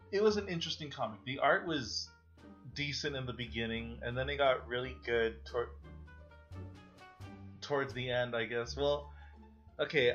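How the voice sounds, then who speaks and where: A young man rambles through a casual review, blunt and quick to swear when something annoys him. The recording is dull and lo-fi, with faint music underneath. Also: medium pitch, a bit bright. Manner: rambling, blunt and profane, with exasperated outbursts. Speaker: online reviewer.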